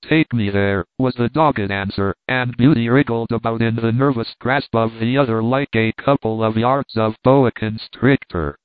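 A man's voice: mid-range voice, steady tone, normal speed, few pauses, clean tone, no echo. Male audiobook narrator on a tinny line. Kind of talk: scripted narration. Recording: tinny phone-like dry sound.

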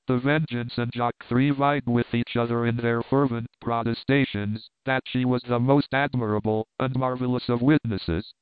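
A man's voice: mid-range voice, clean tone, no room sound. Man narrating an audiobook over a tinny line. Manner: even, measured reading. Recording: tinny phone-like dry recording.

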